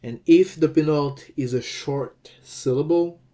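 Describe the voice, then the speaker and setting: Slow, deliberate man teaching grammar. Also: fairly high pitch, mellow. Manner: slow and deliberate, repeats phrases, frequent "okay?" checks. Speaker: Greek language teacher. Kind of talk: explanatory lesson.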